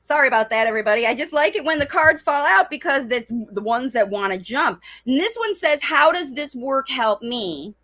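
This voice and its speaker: A woman's voice: high voice, big pitch swings, fairly quick, hardly any pauses, fairly bright tone. A middle-aged woman coaching parents in a chatty live-streamed talk, often speaking in a child's voice. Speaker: speech coach.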